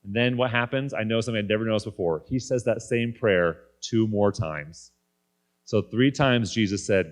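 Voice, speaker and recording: Brief: man, thirties, lowish register, candid conference speaker telling a personal story. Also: moderate pace. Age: 30s. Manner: candid, conversational. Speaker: guest speaker. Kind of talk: personal faith talk. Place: conference stage.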